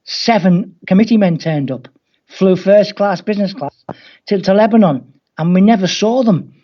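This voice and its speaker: Scouse man, football coach guest; higher-pitched, mellow, dull lo-fi remote recording, wry anecdotal delivery. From England. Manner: anecdotal, wry, acts out quoted voices. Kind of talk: storytelling interview. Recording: dull lo-fi audio.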